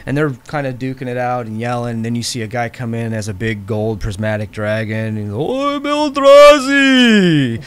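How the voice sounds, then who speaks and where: A man narrating a tabletop game as game master, animated and storytelling. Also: fairly low pitch, brisk, few pauses, clear, resonant tone.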